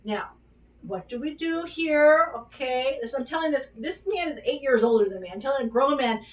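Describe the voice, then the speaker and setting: Animated woman telling a story off-mic. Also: high voice, normal speed, recorded from a distance. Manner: animated, exclamatory, swears freely. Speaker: dog groomer. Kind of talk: casual storytelling monologue.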